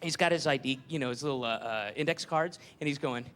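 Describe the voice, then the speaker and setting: A man's voice: mid-range voice, quick pace, hardly any pauses, a bit bright. A man doing a stand-up routine, telling a rambling, sarcastic, profane story on stage. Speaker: stand-up comedian.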